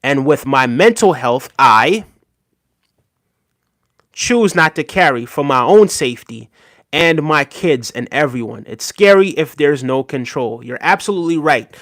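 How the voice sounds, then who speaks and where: Speaking a little slowly in an expressive, medium-pitched voice with a fairly bright tone, this livestream host reads chat messages out loud and replies earnestly, thanking people by name and repeatedly tacking on "right?". It's casual live chat commentary, recorded at studio quality without room sound.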